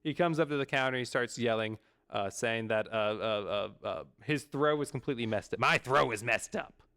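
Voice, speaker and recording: A man's voice: mid-range voice, fairly quick, a bit bright, clean tone. A young adult man streaming, talking casually and rambling with many fillers and restarts. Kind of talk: casual chat.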